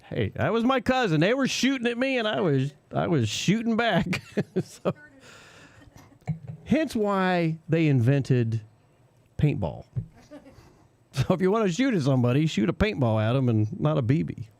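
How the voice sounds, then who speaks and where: A man's voice: a little high, unhurried, creaky, long pauses. A man co-hosting a radio show, telling a childhood story in a casual chat and laughing often as he goes. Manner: laughs often while telling stories, animated. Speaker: co-host. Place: radio studio.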